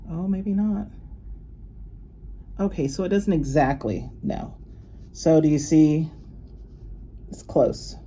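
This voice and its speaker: Slow and dark-toned, a low-voiced woman shows off her new jewelry, taking long pauses as she rambles casually and laughs frequently. She's a luxury unboxing vlogger doing a show-and-tell, and a little hiss or hum runs through it.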